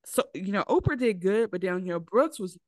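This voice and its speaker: A woman's voice: mid-range voice, brisk, dry recording. A woman co-hosting a podcast in casual chat, telling movie plots with lots of acted quotes. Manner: animated storytelling with acted quotes. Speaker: podcast co-host.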